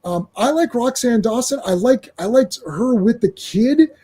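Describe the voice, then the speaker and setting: A man hosting a casual movie podcast, talking in an excitable, rambling way with frequent laughs and swearing. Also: very high voice, a little slow, husky. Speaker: podcast host. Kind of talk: casual movie review chat.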